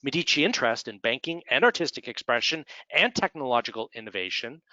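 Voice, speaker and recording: A man's voice: mid-range voice, animated, fast, sharp tone, dry recording, muffled recording. A man with an American Midwestern accent giving a conversational slide presentation, adding dry humorous asides. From United States. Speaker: speaker at executive development webinar.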